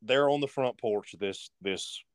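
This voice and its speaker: A man's voice: mid-range voice, unhurried, clear, resonant tone, no echo, studio quality. Man spinning a rambling yarn. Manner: drawling, rambling storyteller. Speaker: podcast guest. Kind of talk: casual storytelling chat.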